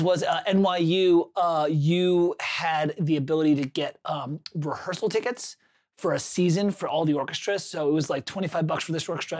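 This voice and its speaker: A man's voice: on the high side, darkish tone. A man hosting a livestream, chatting casually, telling a rambling anecdote with self-corrections and answering viewers' chat.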